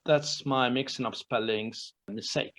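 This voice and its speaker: A man's voice: medium pitch, steady tone, unhurried, fairly bright tone. A man co-hosting a language podcast as a learner, asking curious questions and checking what he has understood. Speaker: co-host and English learner. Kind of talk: conversational grammar lesson.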